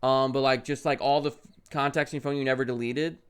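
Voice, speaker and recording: A young man streaming a parenting game, reading its text aloud and reacting with loud outbursts and muttered asides. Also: medium pitch, fairly even intonation, fast talker, smooth.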